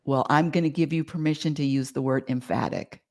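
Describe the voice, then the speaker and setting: A middle-aged woman co-hosting a casual chat show with her son, playful and spelling out words slowly. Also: very deep voice, darkish tone. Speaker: co-host.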